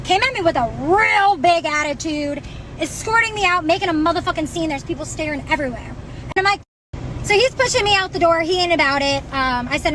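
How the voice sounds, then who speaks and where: A woman's voice: very high voice, lively intonation, brisk, fairly bright tone, slight background noise, low-quality recording. A woman from New York telling an aggrieved, profane story to a phone camera outdoors. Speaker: customer in viral video. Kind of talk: angry storytime rant to camera.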